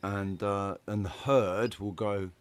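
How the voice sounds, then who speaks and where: A man's voice: lowish voice, fairly even intonation, slow, clean tone. A man hosting a casual live-stream chat, blunt and swearing, often restarting his words. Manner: blunt, swearing, repeats words while searching. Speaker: host.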